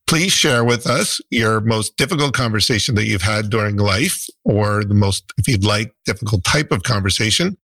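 Gravelly, husky man hosting an interview. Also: lowish voice, fairly bright tone, dry recording. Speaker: podcast host. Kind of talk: casual interview talk.

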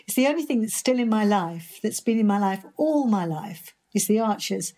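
A woman's voice: medium pitch, lively intonation, moderate pace, dark tone. An older woman from Birmingham, an actress being interviewed, answering in a chatty, enthusiastic way. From Birmingham, England. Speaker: actress guest.

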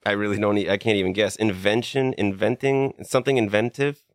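Low-voiced man joking around as a guest. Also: fairly even intonation, a little fast, dry recording, clean studio sound. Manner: joking, rambling guesses with fillers. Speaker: podcast guest. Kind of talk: casual chat.

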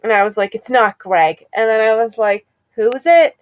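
Chatty young woman gossiping. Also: a little high. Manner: chatty, gossipy, quick to laugh. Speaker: podcast co-host. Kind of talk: casual chat.

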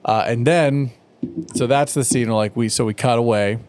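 A man's voice: moderate pace, a little mellow. A man co-hosting a casual chat, recapping a cartoon episode with lots of swearing and laughter. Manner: profane, laughing, acts out lines in high put-on voices. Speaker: podcast co-host recapping a cartoon.

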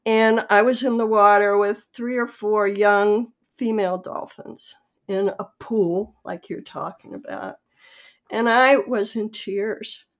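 Mid-pitched woman host, earnest and personal, casual chat. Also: fairly even intonation, takes it slowly. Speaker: host, veterinarian. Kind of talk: casual conversation.

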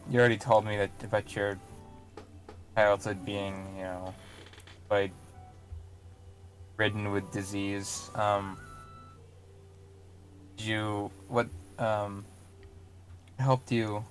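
A man's voice: lowish voice, level tone, slow, long pauses, faint music behind. A man voicing a hesitant young traveler in a tabletop role-play, stammering and full of fillers. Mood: curious.

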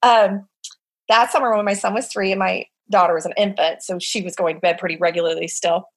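A middle-aged woman speaking as an interview guest, telling stories in a casual, animated way with plenty of fillers and acted-out quotes. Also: medium pitch, fairly quick. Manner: animated storyteller, acts out quoted voices, frequent fillers. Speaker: guest, summer camp director.

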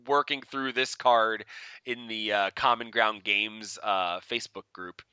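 Bright, clear-voiced man chatting on a podcast. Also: fairly low pitch, steady tone, a little slow, dry recording. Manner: rambling, laughing storyteller with many fillers. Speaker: podcast co-host. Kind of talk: casual podcast chat.

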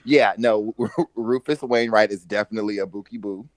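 Lively, laughing man chatting on a podcast. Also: on the low side, moderate pace, dry recording. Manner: animated, laughs often, playful slang. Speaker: podcast co-host. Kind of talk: casual gossip chat.

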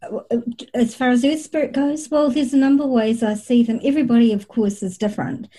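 A woman's voice: a little high, steady tone, fairly quick, warm tone, low-quality recording. A middle-aged woman working as a psychic medium, telling her experiences at length in a reflective interview. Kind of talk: conversational interview storytelling.

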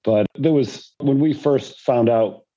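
A man's voice: mid-range voice, takes it slowly, mellow, muffled recording. An older man, a former pro golfer, telling rambling anecdotes about fatherhood in a conversation. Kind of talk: storytelling in a conversation.

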